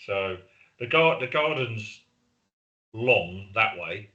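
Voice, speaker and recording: A man's voice: on the low side, animated, slow, pushed and bright, lo-fi sound. A middle-aged man, chatting casually on a podcast as co-host and telling stories with quoted friends. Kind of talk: casual chat.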